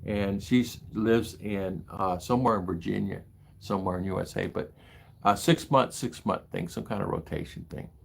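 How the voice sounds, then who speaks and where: An older man from the United States talks off the cuff in a rambling way, his voice gravelly with fry. He drifts between stories and viewer comments and turns indignant and heated when he gets going. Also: deep voice, normal speed. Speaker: livestream host reading chat. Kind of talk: casual livestream chat. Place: home in the Philippines.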